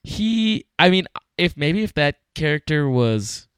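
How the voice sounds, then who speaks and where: A man's voice: on the high side, big pitch swings, a little slow, a bit bright, smooth, no echo. A man co-hosting a podcast in casual chat, agreeable, often chiming in briefly. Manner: agreeable, short interjections. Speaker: podcast co-host.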